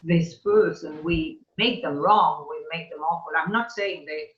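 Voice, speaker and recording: Woman guest on a video call, thoughtful and halting, bright voice, roomy muffled sound. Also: low voice. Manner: reflective, musing, with hesitant pauses. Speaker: interview guest.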